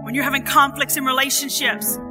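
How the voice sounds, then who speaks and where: Over music, a high-pitched woman preaches at a church service, speaking fairly quickly with fairly even intonation. Phrases get repeated for emphasis, and she shifts from soft, hushed moments to loud, forceful preaching.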